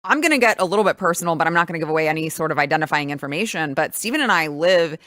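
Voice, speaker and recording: A woman's voice: low voice, lively intonation, racing, a bit bright, dry recording, clean studio sound. A woman hosting a casual political talk show, emphatic and indignant, rambling through her points. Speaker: show host.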